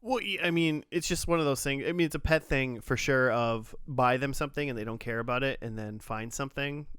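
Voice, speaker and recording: A man's voice: mid-range voice, brisk, fairly bright tone, smooth, dry recording, studio quality. A man hosting a casual podcast chat, rambling through stories with lots of fillers and restarts. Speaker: podcast host.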